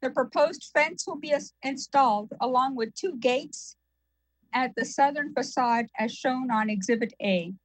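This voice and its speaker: Woman, board chair, high voice, formal agenda reading, dry close sound. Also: a little slow, dry recording, low-quality recording. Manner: formal, reads agenda items, hesitant fillers. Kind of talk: chairing a virtual public meeting.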